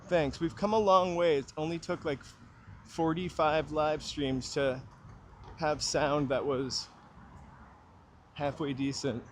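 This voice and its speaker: A man's voice: a little high, steady tone, takes it slowly, pauses often, a little hiss or hum. A man hosting a walking livestream, chatting and joking in a rambling way outdoors on a city street, with a small mic clipped to his hat brim. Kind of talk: casual chat while walking.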